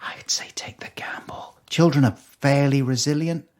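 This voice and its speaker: A man's voice: mid-range voice, fairly even intonation, normal speed, in a whisper. A man hosting a podcast, chatting in a thoughtful, musing way in a home kitchen. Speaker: podcast host. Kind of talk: casual conversation.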